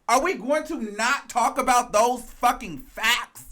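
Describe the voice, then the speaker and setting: A man's voice: very high-pitched, very animated, normal speed, hardly any pauses, sharp tone, slight background noise. A man hosting a gossip commentary show, ranting in a sassy, profane, emphatic way and repeating phrases for emphasis.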